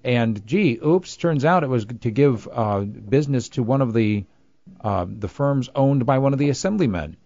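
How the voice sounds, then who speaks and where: A man hosting a call-in radio talk show, chatting with callers and his co-host in a relaxed, conversational way. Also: mid-range voice, normal speed, no echo. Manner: conversational, takes calls with short greetings. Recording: dull lo-fi radio broadcast.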